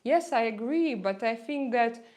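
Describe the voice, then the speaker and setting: A woman's voice: fairly high pitch, expressive, a little slow, a little mellow. A woman with a Russian accent hosting a casual livestream, chatting hesitantly with viewers and searching for words with many fillers. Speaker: livestream host.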